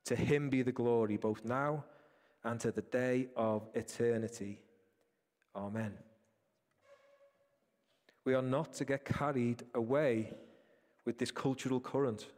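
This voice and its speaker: A man's voice: mid-range voice, slow pace, pauses often, darkish tone. A man preaching a sermon, earnest and direct, speaking to his listeners as folks. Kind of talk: sermon with a personal story. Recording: reverberant hall.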